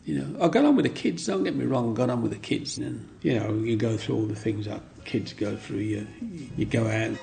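A man's voice: mid-range voice, a little fast, creaky, few pauses, mellow, soft background music. A man, telling long rambling stories about his childhood and often asking "you know what I mean". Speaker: interviewee. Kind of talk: reminiscing storytelling.

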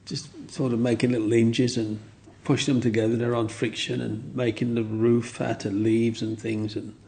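An interviewee with a mid-range, gravelly, slightly mellow voice speaks at normal speed with little pitch movement. He reminisces through long, rambling stories about his childhood, often asking "you know what I mean".

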